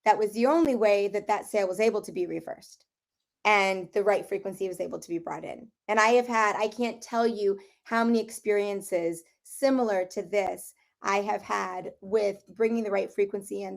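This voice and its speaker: Woman, slightly hoarse, lively storytelling, middle-aged, mid pitched. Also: moderate pace. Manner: animated storyteller, acts out quotes, laughs while telling. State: slightly hoarse, clearing throat. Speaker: property clearing practitioner. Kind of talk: casual group conversation, storytelling.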